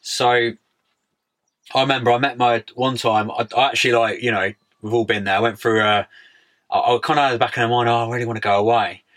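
A man's voice: mid-range voice, fairly even intonation, normal speed, fairly bright tone. A young man chatting casually as a podcast guest, laid-back, full of slang and "mate". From United Kingdom. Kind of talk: casual interview chat.

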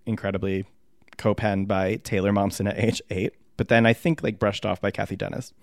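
A man's voice: lowish voice, little pitch movement, brisk, gravelly, no room sound, studio quality. A man co-hosting a casual music review podcast, joking and laughing often. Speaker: podcast co-host.

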